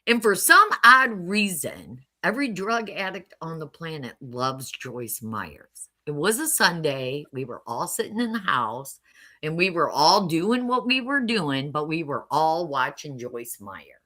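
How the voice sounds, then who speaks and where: A woman's voice: sits low, sing-song, measured pace, sharp tone. A middle-aged woman telling her life story casually and candidly, often laughing wryly. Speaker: mother telling her testimony.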